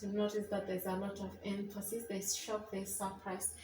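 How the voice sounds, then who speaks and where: A woman's voice: medium pitch, monotone, dark tone, echoey room, recorded from a distance, a little hiss or hum, rough recording. A woman teacher giving a poetry lesson, reading lines aloud and explaining them point by point. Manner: reads verse aloud, then explains each point slowly. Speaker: English teacher.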